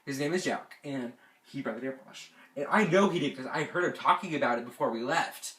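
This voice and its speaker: A young man tells a long camping story into a camera mic, rambling and restarting as he goes. His voice sits at an ordinary pitch, and it rises loudly when he gets worked up. The room around him sounds echoey. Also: fairly quick. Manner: rambling and animated, bursts of anger. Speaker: vlogger. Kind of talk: casual storytime.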